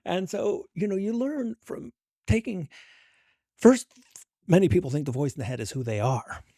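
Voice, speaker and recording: A middle-aged man talks as an interview guest in a relaxed, chatty way. He fills his talk with "you know" and "uh", and he often chuckles at his own stories. His voice is mellow and dark, recorded dry and close. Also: sits high, moderate pace, no room sound. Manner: chatty and self-amused, many fillers. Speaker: author and guest. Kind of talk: casual interview conversation.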